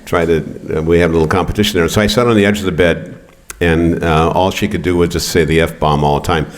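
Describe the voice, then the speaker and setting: An older man telling a story at a poetry reading in an art gallery, rambling and profane, halting with fillers. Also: sits low, fairly even intonation. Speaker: poet.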